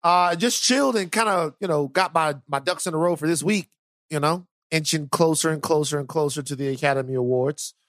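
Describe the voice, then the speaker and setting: A man hosting a podcast, telling stories in casual chat with lots of repeated words, sinking lower and softer when the story turns serious. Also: a little fast, no room sound, clean studio sound. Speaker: podcast host.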